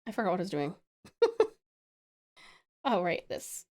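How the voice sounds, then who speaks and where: A woman's voice: fairly low pitch, expressive, measured pace, a little mellow. A woman streamer chatting casually and giggling while she draws, rambling and reading chat aloud. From Australia.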